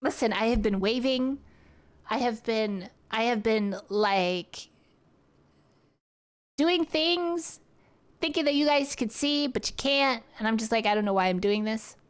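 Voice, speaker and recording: Woman streamer, casual, rambling chat. Slow delivery, a bit high, close-miked. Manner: rambling, playful, trails off and restarts. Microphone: close studio mic.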